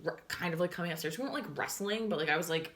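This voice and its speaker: A young woman tells a story to camera in a loose, rambling chat, piling on fillers and the odd swear word. Her voice sits a touch lower than most women's. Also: racing, a bit bright. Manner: chatty, filler-heavy with constant "like", swears and laughs. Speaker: vlogger.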